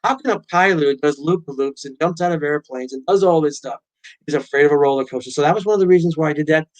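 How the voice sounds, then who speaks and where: A man's voice: fairly high pitch, fast talker. A middle-aged man, a guest author and pilot, telling stories in a casual interview and acting out quotes. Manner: animated storyteller, acts out quotes.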